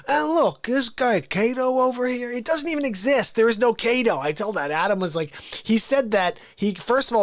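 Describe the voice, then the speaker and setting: A man hosting a live show who spins a loose comic story off the cuff. His voice rises and dips all over the place. He rambles on in a playful tone. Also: fairly bright tone. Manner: rambling, playful, with sudden jumps in pitch. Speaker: host.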